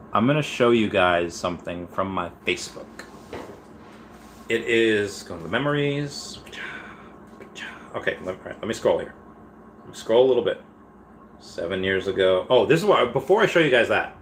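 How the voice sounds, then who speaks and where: A man's voice: lowish voice, a bit bright, a little hiss or hum. Chatty man in his thirties hosting a stream. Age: 30s. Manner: chatty, reads viewer messages aloud and rambles between topics. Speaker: live-stream host. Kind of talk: casual live-stream chat.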